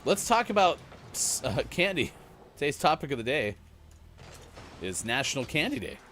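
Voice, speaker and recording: A man's voice: on the high side, very animated, moderate pace, a bit bright, a little hiss or hum. A man co-hosting a morning show, chatting casually and teasing, putting topic questions to listeners. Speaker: co-host of a morning gaming show. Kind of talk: casual radio-style chat.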